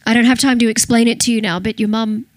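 A woman's voice: on the high side, fairly even intonation, quick pace, no room sound, lightly acted. A woman voicing a tense, worn-out man trying to get a young woman to flee with him. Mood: urgent. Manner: urgent, strained. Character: tense weary man on the run.

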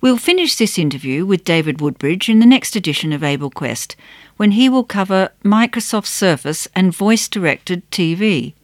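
A woman hosting a radio program, presenting scripted links in a clear announcing manner. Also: fairly low pitch, expressive, normal speed, no room sound, clean studio sound.

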